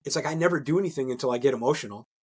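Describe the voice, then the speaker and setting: A man talking as a guest coach in a podcast interview, energetic and emphatic, often tagging his points with "right?" and restarting words as he gets going. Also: mid-range voice, rapid-fire, slightly rough. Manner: repeats and restarts words when excited.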